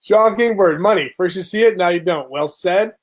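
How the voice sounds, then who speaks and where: A man's voice: high-pitched, moderate pace. A man co-hosting a casual dad podcast, upbeat and encouraging as he reads out viewer comments. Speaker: podcast co-host. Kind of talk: casual chat.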